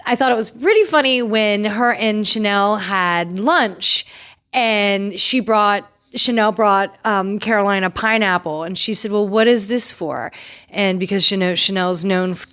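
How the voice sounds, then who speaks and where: A woman giving casual, opinionated commentary on reality TV, chatty and animated. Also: mid-range voice, smooth. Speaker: pop culture commentator.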